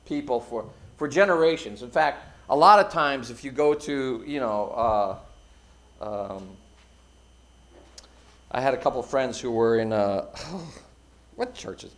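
A middle-aged male pastor preaching a sermon, his delivery swelling loud and then dropping to a hush. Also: mid-range voice, slow pace, pauses often.

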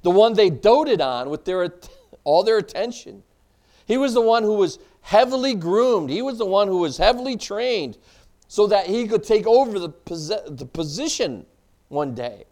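A man with a high voice that swoops up and down preaches a Bible-teaching sermon. He asks questions and answers them himself, loose and chatty with plenty of casual asides. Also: very animated, normal speed, a little mellow. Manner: loose, chatty delivery with many "you know" asides.

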